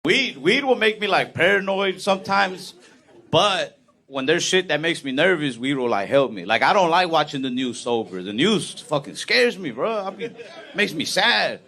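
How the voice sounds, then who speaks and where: A young man performing stand-up comedy with a calm, laid-back delivery. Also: on the high side, normal speed. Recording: live stand-up with steady background noise.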